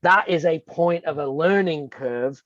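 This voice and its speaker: An earnest man explains his coaching ideas with examples and questions he asks himself. His voice sits a little high for a man. The audio is dry and a bit dull, as if slightly muffled. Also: unhurried, fairly bright tone, no room sound. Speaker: real estate coach and co-host. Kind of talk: conversational coaching talk.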